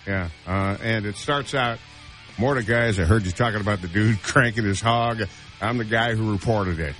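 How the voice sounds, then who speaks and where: A man hosting a morning radio show, chatting casually in a deadpan way about the news and emails. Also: on the low side, moderate pace, soft background music. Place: radio studio.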